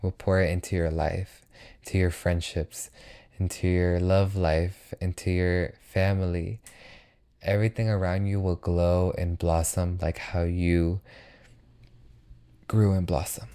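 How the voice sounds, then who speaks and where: Earnest and reassuring, a young podcast host runs his own motivational show in a very low, mellow voice with a clean, level tone. He takes his time at a measured pace, repeating phrases to soothe whoever's listening.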